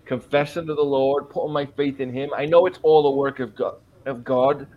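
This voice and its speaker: In a muffled recording, a man in his forties, a pastor, recounts how he came to faith during a podcast interview. His mid-range voice holds a steady tone at normal speed, and he's earnest and emphatic, quoting his own prayers.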